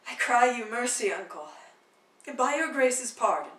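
Ruolo: lettrice che interpreta una nobildonna arguta e pungente, voce acuta, stanza riverberante e microfono lontano. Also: female voice, a little high, big pitch swings, pushed and bright, roomy sound, recorded from a distance, exaggerated voice, low-quality recording. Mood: teasing. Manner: quick, teasing banter. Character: witty, sharp-tongued noblewoman, mocking suitors. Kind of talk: dramatic play reading. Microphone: phone livestream.

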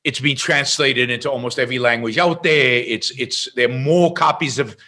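A man as an interview guest, telling an anecdote in a lively way and often restarting his sentences. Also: mid-range voice, moderate pace. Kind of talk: explaining and storytelling in conversation.

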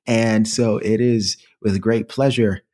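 A man co-hosting a casual comedy podcast, playful and quick to laugh, with bursts of mock indignation. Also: lowish voice, steady tone, darkish tone. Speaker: podcast co-host.

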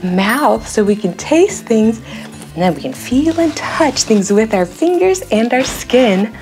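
A woman hosting a toddler learning video, speaking in a slow, clear, sing-song way with exaggerated expression. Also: a little high, sing-song, darkish tone, soft background music. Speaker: children's video host. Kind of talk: toddler learning video with songs and pretend play.

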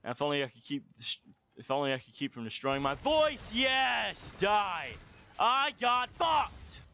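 A man commentating his own shooter gameplay, swearing and yelling outbursts at opponents. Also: sits high, slight background noise. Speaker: gaming video host.

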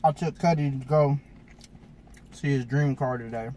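A man's voice: medium pitch, moderate pace, mellow. A man hosting a casual food review mukbang, talking in slangy, hyped greetings to his viewers.

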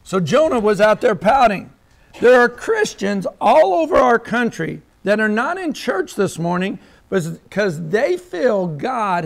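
A male pastor delivers a sermon in a high voice that leaps up and down as he drives each point home. There is a gravelly edge to his tone, and he slips into dramatic quoted prayers between readings.

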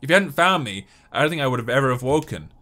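A man's voice: medium pitch, expressive, fast talker, pushed and bright. A man voicing a dazed, fussy old male bug merchant from a video game, reading his lines in a raised, fluttery voice. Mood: bewildered.

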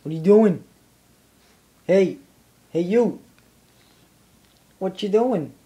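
A man in a casual home video, teasing his dog with repeated shouted questions and swearing. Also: sits high, expressive, takes it slowly, slightly rough. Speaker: dog owner.

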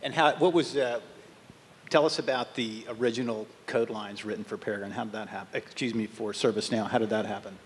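A man moderating a panel, asking relaxed questions with plenty of hesitant fillers. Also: on the low side, fairly quick. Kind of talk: interview questions. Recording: long hall reverb, faint noise.

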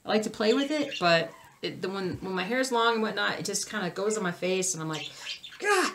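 A woman's voice: medium pitch, fast, noisy background. A young adult woman, a cross stitch vlogger, chatting casually and rambling as she answers viewer comments. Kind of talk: casual livestream chat reading comments.

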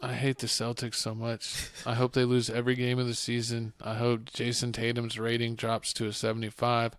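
A man's voice: medium pitch, completely flat delivery, normal speed, smooth, no echo. A man hosting a casual sports podcast, joking bluntly and trash-talking teams. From Texas. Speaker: podcast host. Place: home studio podcast.

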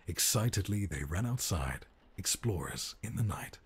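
A man narrating a rhyming bedtime story for a game in a measured storytelling cadence. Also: deep voice, sing-song, husky, heavily acted.

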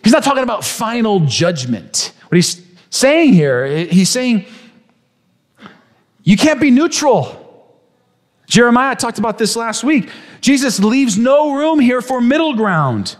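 High-voiced pastor preaching in a reverberant hall. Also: male voice, sing-song, a little slow. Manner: emphatic preaching with rhetorical questions. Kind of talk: sermon. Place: church sanctuary.

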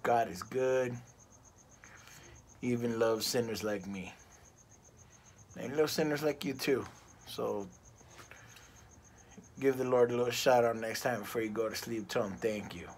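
A man's voice: mid-range voice, measured pace, long pauses, a little mellow, breathy edge. A middle-aged man reviewing a cigar in a casual vlog, rambling and ranting with plenty of profanity.

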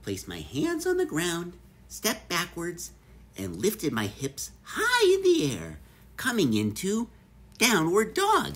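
A man reading a children's picture book aloud as a cheerful yoga-loving bunny, in a sing-song, animated voice. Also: high-pitched, slow, a little hiss or hum. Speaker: storybook narrator.

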